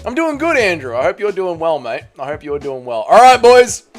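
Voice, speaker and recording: A man hosting a live stream, bantering with his chat and calling out vote counts in an excitable, teasing way. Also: high-pitched, normal speed, faint music behind.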